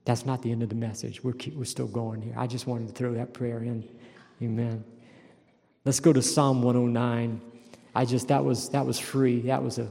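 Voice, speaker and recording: A man's voice: mid-range voice, flat delivery, normal speed, vocal fry, mellow. A male pastor with a Louisiana accent, preaching a folksy, emphatic sermon with bursts of intensity on scripture. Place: church sanctuary. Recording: long reverb of a large hall.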